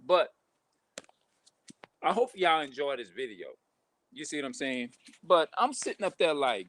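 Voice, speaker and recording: A man ranting casually to camera, talking rough, profane and repetitive, sounding frustrated. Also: fairly high pitch, lively intonation, unhurried, long pauses, a bit bright, no echo. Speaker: vlogger.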